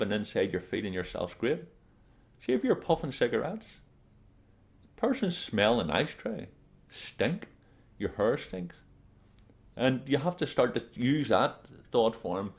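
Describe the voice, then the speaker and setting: Looking straight into the camera, a life coach with a medium-pitched voice gives a blunt, emphatic motivational talk, repeating his warnings.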